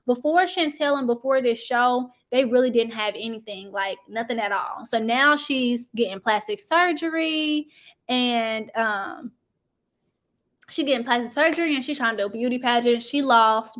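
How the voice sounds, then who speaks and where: A woman hosting a casual reality-TV gossip chat, animated and chatty, talking straight to her viewers. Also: a little high, moderate pace. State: sniffling from allergies. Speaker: YouTube commentary host.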